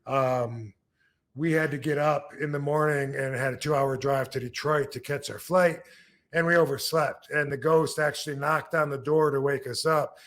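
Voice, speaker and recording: A man's voice: a little high, fairly even intonation, normal speed, a bit bright. A middle-aged man from Michigan, hosting a podcast and telling rambling stories in casual chat, full of fillers and restarts. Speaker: podcast host, wrestler.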